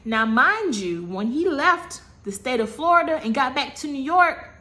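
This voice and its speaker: A woman in her thirties telling a personal story to camera in a casual, animated way, dramatic and repetitive, with slangy, self-mocking asides. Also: high-pitched, moderate pace. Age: 30s. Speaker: vlogger.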